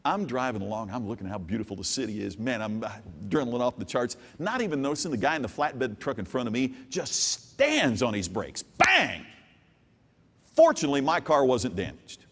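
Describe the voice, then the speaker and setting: A man giving a live keynote speech, telling a story and swinging from hushed asides to loud outbursts. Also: mid-range voice, a little fast, few pauses. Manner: animated storyteller with big swings from hushed to shouting. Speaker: keynote business speaker. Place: large hall with an audience. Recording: long hall reverb.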